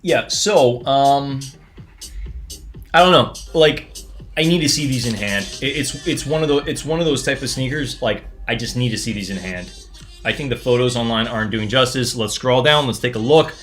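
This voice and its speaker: Excitable man hosting a sneaker livestream. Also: medium pitch, moderate pace, faint music behind. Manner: excitable, chatty, frequent restarts and stammers. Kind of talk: casual live unboxing commentary.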